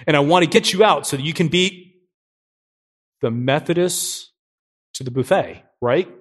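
A middle-aged man preaching a sermon as pastor, energetic and joking, often asking his listeners questions. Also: on the high side, moderate pace.

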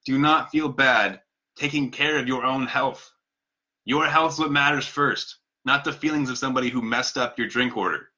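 Bright-voiced man giving casual advice. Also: medium pitch, moderate pace. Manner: conversational, earnest, repeats key points. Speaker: vlogger giving diabetes advice. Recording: dull lo-fi sound.

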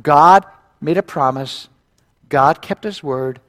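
A male pastor preaching in animated storytelling mode, his voice sitting slightly high. He retells scripture with quick asides and wry comments to the congregation. His delivery moves between narration and direct address. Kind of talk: sermon.

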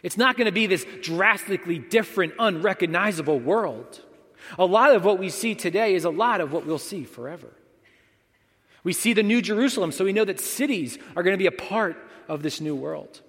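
A young adult man preaching a sermon as pastor, moving between firm proclamations and soft, hushed lines. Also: on the high side. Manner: dynamic, swings between loud proclamation and hushed near-whisper. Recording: long hall reverb.

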